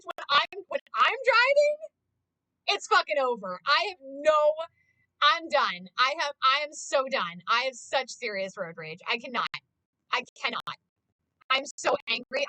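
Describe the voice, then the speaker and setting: A woman with a high, bright voice rants to her stream in casual chat. She swears freely and sounds exasperated. The recording is close and dry, with no room sound. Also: dry recording, poor audio. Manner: swears constantly, ranting and exasperated.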